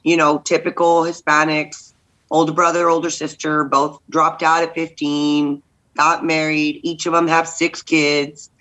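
A middle-aged woman from Texas, a guest candidate telling lively stories in a podcast interview and acting out the voices in them. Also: low voice, a little slow, poor audio. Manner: lively, acts out voices in anecdotes. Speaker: guest, state senate candidate. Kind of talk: animated storytelling in a podcast interview.

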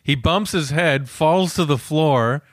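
A man's voice: on the high side, slow, no echo, clean studio sound. A man co-hosting a casual comedic podcast, telling a rambling story full of fillers and restarts. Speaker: podcast co-host.

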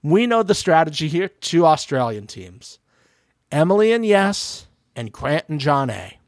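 Guy doing a reality tv recap podcast, super animated, swears a lot, dry sound. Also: a little high, measured pace, no room sound. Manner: animated, swearing, acts out quotes. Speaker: podcast co-host. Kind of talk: casual chat recapping a reality show.

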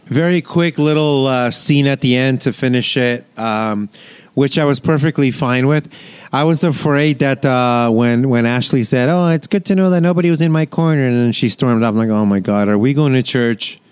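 A man's voice: mid-range voice, moderate pace, clear, resonant tone, dry recording. A man co-hosting a podcast, giving his take on a sitcom episode in a loose, rambling way. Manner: rambling, many fillers and restarts. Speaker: podcast co-host. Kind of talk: casual chat, reacting to a sitcom episode.

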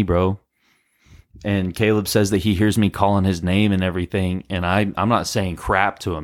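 A man co-hosting a podcast, casually telling a ghost story in a rambling, animated way, full of "like" and "bro". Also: deep voice, no echo, studio quality. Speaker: podcast co-host.

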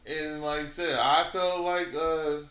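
A man co-hosting a casual podcast chat, animated and swearing, often laughing. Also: a little high, a little slow. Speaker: podcast co-host. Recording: echoey room with faint ambience.

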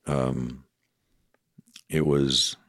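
A middle-aged man from Washington state, a pastor, telling his life story in a podcast interview in a reflective, steady way with frequent pauses. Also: very deep voice. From Washington state, USA. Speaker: executive pastor, guest.

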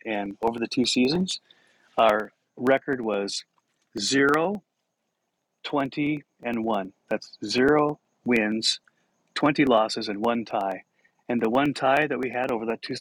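A man's voice: medium pitch, a bit bright, no room sound, rough recording. A middle-aged man hosting a podcast, telling self-mocking stories and laughing through them. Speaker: podcast host. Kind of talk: storytelling monologue.

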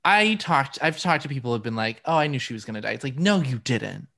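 A man hosting a podcast, chatting in a relaxed, rambling way and laughing often. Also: mid-range voice, fast talker. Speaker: podcast host. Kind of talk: casual chat.

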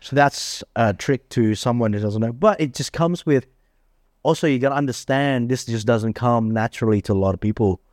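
A man's voice: mid-range voice, moderate pace, a little mellow, no echo, studio quality. A man hosting a casual chat, bragging and acting out his own dialogue in a raised voice. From Australia. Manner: boastful, acts out quoted dialogue in a raised voice. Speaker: podcast host.

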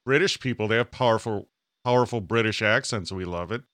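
A man's voice: on the low side, a little fast, fairly bright tone, dry recording, studio quality. A man co-hosting a podcast in casual comedic chat, joking and slipping into silly voices now and then. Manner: jokey, drops into silly put-on voices. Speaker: podcast co-host.

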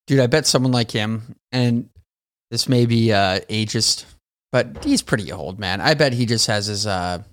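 Low-voiced male sidekick, easygoing banter, dry close mic. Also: moderate pace, dry recording. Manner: laid-back banter, slangy. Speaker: co-host. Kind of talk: casual chat.

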